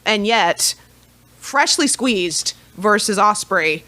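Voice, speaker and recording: Woman, podcast co-host, bright and lively, enthusiastic fan chat. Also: medium pitch, takes it slowly. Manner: enthusiastic, nerdy fan talk.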